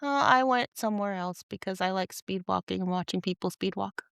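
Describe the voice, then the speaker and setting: A woman's voice: mid-range voice, a little fast, creaky, fairly bright tone, clear, resonant tone, no room sound, studio quality. A woman co-hosting a podcast, chatting casually and teasing as she recaps a game. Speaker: podcast co-host. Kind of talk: casual chat.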